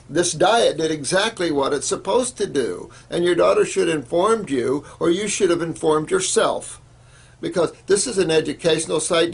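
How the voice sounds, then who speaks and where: Gravelly, husky man lecturing. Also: fairly high pitch. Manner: emphatic, repetitive, lots of fillers. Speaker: health educator. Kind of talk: informal spoken lecture.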